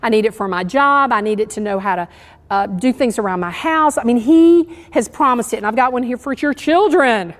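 A woman's voice: fairly high pitch, fairly quick, in a large hall. A woman giving an earnest, encouraging sermon in church. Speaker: church speaker. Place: church sanctuary.

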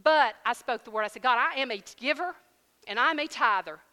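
A woman preaches with a bright, fairly high voice. She tells her story in a lively, conversational way and calls her listeners y'all. Her voice rings with the long reverb of a hall. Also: fairly quick. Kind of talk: sermon testimony and prayer.

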